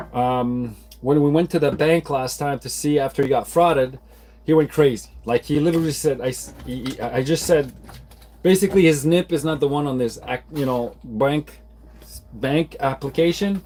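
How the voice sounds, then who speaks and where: A man's voice: on the high side, moderate pace, a little mellow. A man in his forties, rambling in an exasperated way in a casual monologue, with many restarts. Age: 40s. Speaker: vlogger.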